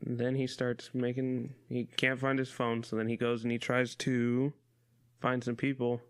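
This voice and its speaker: A man's voice: mid-range voice, flat delivery, unhurried, clean tone. Laid-back man chatting about a movie. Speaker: podcast co-host. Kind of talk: casual movie review chat.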